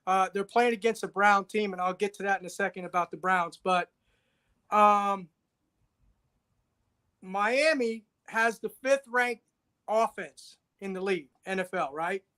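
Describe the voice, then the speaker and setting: A man's voice: sits high, a little slow, bright, forceful tone, smooth. A man co-hosting a casual sports podcast, who speaks emphatically and often repeats his points. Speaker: podcast co-host.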